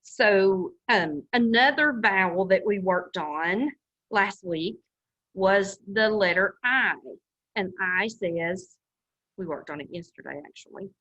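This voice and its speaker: A woman teacher leads a phonics lesson for young children at a very slow, patient pace. Her voice is bright and clear, and she draws out each sound with careful enunciation. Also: medium pitch, muffled recording. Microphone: camera.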